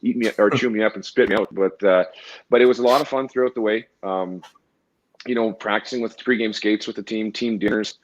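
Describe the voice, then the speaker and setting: Guy rattling off hockey stories real quick, lowish voice, lots of restarts. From Canada. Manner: rambling, animated storyteller with many restarts and acted quotes. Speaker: guest, former pro hockey goalie. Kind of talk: casual storytelling interview. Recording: dull lo-fi audio.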